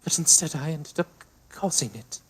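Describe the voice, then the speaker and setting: A man's voice: on the high side, normal speed, fairly bright tone, slightly rough, voice pushed up. A man voicing a distraught, guilt-stricken mother on the edge of a breakdown, talking frantically. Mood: frantic.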